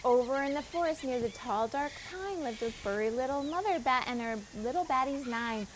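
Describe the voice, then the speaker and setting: A woman reads a children's picture book aloud in a high, bright-pitched voice, turning to the young listeners with questions between pages. Her storytime delivery is expressive. Faint outdoor sounds with birds drift in behind her. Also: normal speed, a little hiss or hum, low-quality recording. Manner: expressive reading with asides to the children. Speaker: children's librarian.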